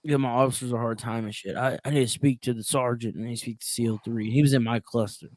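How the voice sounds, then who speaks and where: A man who works as a prison sergeant, chatting casually on a podcast and telling profane stories with big swings between loud and quiet. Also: medium pitch, steady tone, fast talker, heavy background noise. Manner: profane storytelling with swings in loudness.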